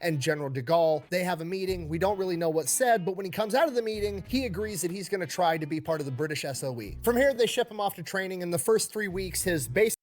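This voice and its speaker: A man's voice: high voice, animated, fast talker, few pauses, faint music behind. A man narrating a history story in a laid-back, blunt way with profane humor, played from a video.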